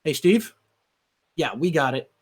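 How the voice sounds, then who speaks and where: A man voicing a brisk female government agent, speaking in a curt, businesslike way. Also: a little high, big pitch swings, breathy edge, heavily acted.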